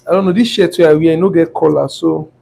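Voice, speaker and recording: A man's voice: fairly high pitch, steady tone, quick pace, vocal fry, mellow, slightly rough, low-quality recording. A man with a Nigerian accent, hosting a casual live-stream trading class and mixing Pidgin with English while teasing his viewers. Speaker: forex trading class host. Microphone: clip-on mic near the throat. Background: wind noise on the mic.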